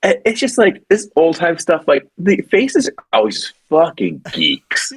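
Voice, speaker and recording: A man co-hosting a casual podcast chat, rambling and animated, with frequent restarts and swearing. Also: on the high side, unhurried, breathy edge. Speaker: podcast co-host.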